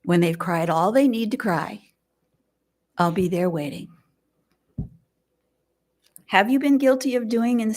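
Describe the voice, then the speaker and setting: An older woman giving a gentle, reflective sermon at a fellowship service, speaking in measured phrases with pauses. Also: on the high side. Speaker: lay speaker. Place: fellowship hall, indoors.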